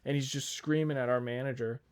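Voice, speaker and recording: A man's voice: medium pitch, steady tone, fairly quick, smooth. A young man on a podcast telling a long, rambling work story in casual chat, swearing freely and quoting the people in it. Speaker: podcast co-host.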